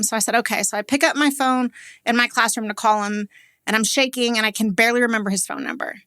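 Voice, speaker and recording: A woman's voice: on the high side, fairly even intonation, a bit bright, smooth, no room sound, studio quality. Candid storytelling woman from Texas. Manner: candid and conversational, many "like" fillers, quick laughs. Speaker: guest, business owner. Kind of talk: personal storytelling in a podcast interview.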